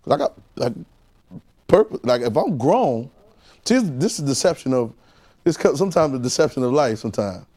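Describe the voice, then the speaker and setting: A man preaching a sermon, firing rhetorical questions at the congregation and swinging between loud exclamations and quiet asides. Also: medium pitch, sing-song, brisk.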